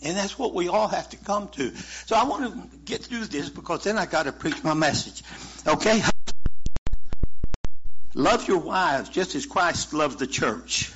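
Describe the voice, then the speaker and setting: A man's voice: high voice, expressive, a little slow, a bit bright. A man preaching a sermon in a folksy, conversational way, chuckling now and then. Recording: muffled lo-fi sermon recording.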